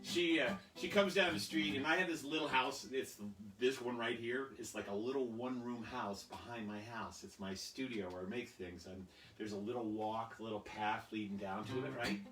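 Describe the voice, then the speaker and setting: This children's singer and storyteller chats casually at normal speed in a mid-range voice, wandering through a tale packed with fillers. He records from his small home studio for a kids' singalong, with guitar and a distant, roomy mic.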